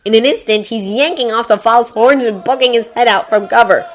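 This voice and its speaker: A woman narrating fiction as an audiobook, expressive and voicing characters. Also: a little high, a little fast, hardly any pauses. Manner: expressive, acting out voices. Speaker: fanfiction reader.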